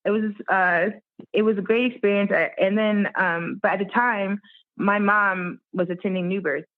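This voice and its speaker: A woman guest musician telling a story in an interview, animated and acting out the people she quotes. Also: medium pitch, normal speed. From Miami. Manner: animated, acts out quoted voices. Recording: tinny phone-like line.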